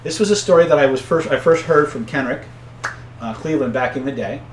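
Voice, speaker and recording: A man coaching viewers on influence in a casual live-stream, often tagging points with "right?" and shouting out angry characters when he tells stories. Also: mid-range voice, a little fast, echoey room, slight background noise. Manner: conversational, tags points with "right?"; acts out angry voices loudly in stories. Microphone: own camera setup.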